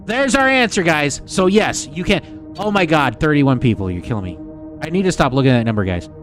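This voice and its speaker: A man streaming live gameplay, chatting excitedly and casually swearing as he talks to his viewers. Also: a little high, brisk, music in the background. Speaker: game streamer. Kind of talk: live gameplay commentary to chat.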